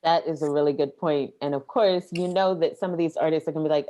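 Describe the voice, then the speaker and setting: A Caribbean American woman with a low voice co-hosts a relaxed podcast chat. She jokes easily but presses her advice home with emphatic repetition. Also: fast talker. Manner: playful, giving emphatic advice. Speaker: podcast co-host.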